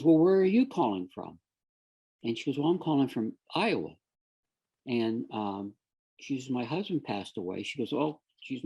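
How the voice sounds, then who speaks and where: A man's voice: medium pitch, gravelly, mellow, husky. A middle-aged man, a guest on an interview show, animatedly telling a story and acting out the voices of the people in it. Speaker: guest sharing a near-death story. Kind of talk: conversational storytelling.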